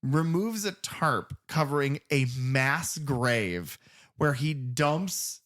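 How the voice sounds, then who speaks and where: Animated, profane man recapping a film. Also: fairly high pitch, takes it slowly. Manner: profane, animated retelling with acted-out quotes. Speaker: podcast co-host. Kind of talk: casual film discussion.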